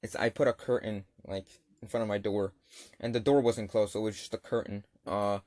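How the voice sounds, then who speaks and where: A man's voice: lowish voice, steady tone, fairly quick, a little mellow. A young man casually telling a personal story over gameplay, rambling and slangy with lots of fillers. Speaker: gaming channel storyteller.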